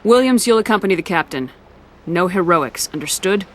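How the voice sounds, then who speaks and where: An actress playing a calm, decisive military commander in a video game, speaking in direct orders and questions. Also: female voice, on the low side, fairly quick, close to an everyday voice.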